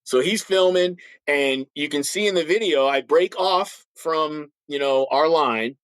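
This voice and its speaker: A middle-aged man, a former police officer, speaks on a podcast in a somewhat high voice for a man. He talks bluntly and forcefully and often restarts his sentences. The sound is dry and close. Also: unhurried, clean tone, no echo, rough recording. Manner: acts out others' voices in stories. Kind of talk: podcast interview talk.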